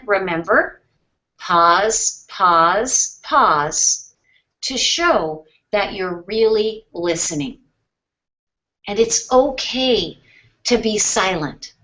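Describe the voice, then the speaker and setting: Woman sales trainer, webinar coaching, calm, question-based, deliberate pauses, middle pitch, slightly muffled audio.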